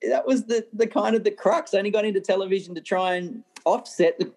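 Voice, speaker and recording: An Australian man, a racing driver, telling animated stories in an interview, often laughing and restarting his sentences. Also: sits high, fast. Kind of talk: interview storytelling.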